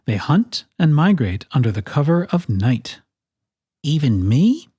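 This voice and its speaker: A storyteller reading a children's picture book aloud, with expressive, playful emphasis on its lists. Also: medium pitch, moderate pace, slightly rough, no room sound, studio quality.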